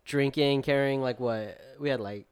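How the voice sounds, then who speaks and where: A man's voice: medium pitch, moderate pace, smooth, dry recording. Rambling young man telling a story. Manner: rambling storytelling full of filler likes, acting out friends' lines. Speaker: podcast co-host. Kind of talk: casual chat.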